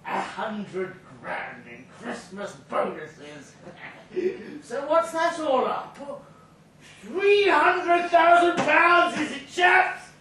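A man reading the part of a drunk, boastful banker at a live story event, shouting and drawing out his words. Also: very high voice, sing-song, slight background noise, exaggerated voice. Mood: drunk boasting. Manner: loud, braggy, drawn-out drunken shouting. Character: drunk boastful male banker in a Santa hat. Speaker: reader performing a character. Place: pub function room at a live reading. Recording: echoey room from far off.

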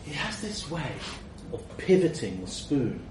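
Male narrator, slow and wry, wide-ranging delivery; roomy, distant sound with faint hiss. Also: a little high, very animated. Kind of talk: first-person story reading.

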